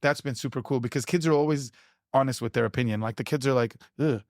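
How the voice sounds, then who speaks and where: A man's voice: mid-range voice, quick pace, a little mellow, no room sound, clean studio sound. A man, a pitmaster, chatting enthusiastically in an interview, rambling with lots of fillers and restarts. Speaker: pitmaster and producer. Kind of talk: casual conversational interview.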